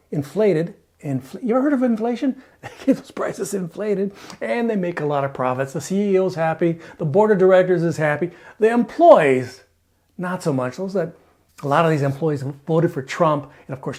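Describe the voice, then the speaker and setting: Lively-voiced rambling man. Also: a little high. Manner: rambling and sarcastic, with chuckles. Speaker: RV channel vlogger. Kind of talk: casual opinion monologue.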